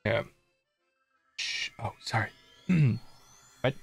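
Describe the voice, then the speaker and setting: A man's voice: mid-range voice, animated, very slow, creaky, slightly rough, faint music behind. A young man casually commenting on his gameplay as a streamer, chatting and joking with viewers. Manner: chatty, jokey, reads chat aloud.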